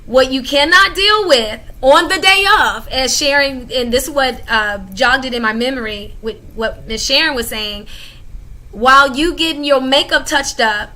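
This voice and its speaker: A woman hosts a casual panel chat with a high, bright voice. She is emphatic and lively and laughs often as she makes her points. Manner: talks in a casual conversational way. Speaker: host.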